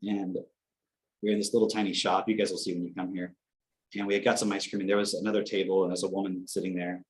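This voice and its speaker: A young man on a casual podcast, telling animated stories, acting out quotes and swearing casually. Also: low voice, fast talker. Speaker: podcast co-host.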